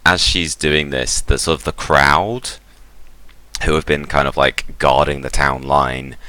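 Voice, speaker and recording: A man's voice: very deep voice, level tone, a little slow, sharp tone, dry recording. A man narrating a tabletop game as game master, rambling with many fillers.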